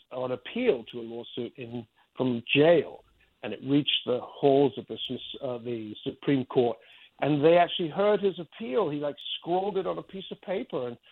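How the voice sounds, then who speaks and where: A middle-aged man from Spain, an artist giving a long, rambling interview answer, often restarting and repeating his words. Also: medium pitch. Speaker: artist guest. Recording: tinny phone-line sound.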